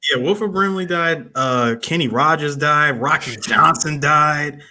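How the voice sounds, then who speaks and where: A man co-hosting a podcast in casual chat, excitable and profane as he riffs with his friends. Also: a little high, measured pace. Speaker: podcast co-host.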